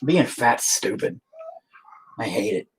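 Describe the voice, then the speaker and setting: A man's voice: mid-range voice, animated, slow, slight background noise. A middle-aged man, a musician, talking frankly to his stream chat in a rambling, heavily profane way. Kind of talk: casual confessional livestream monologue.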